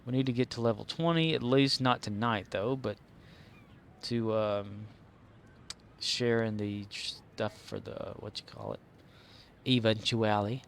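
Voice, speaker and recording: A man's voice: fairly low pitch, measured pace, gravelly, a little hiss or hum. A man streaming a game live, rambling and joking as he plays and mutters to himself. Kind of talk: casual live-stream commentary.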